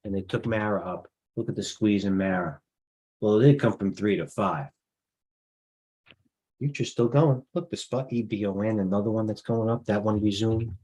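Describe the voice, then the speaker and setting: A middle-aged man hosts a live trading stream in a low, husky voice. He talks off the cuff, muttering asides and restarting sentences as he goes. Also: moderate pace, warm tone, low-quality recording. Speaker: stock market live-stream host. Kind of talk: off-the-cuff market commentary.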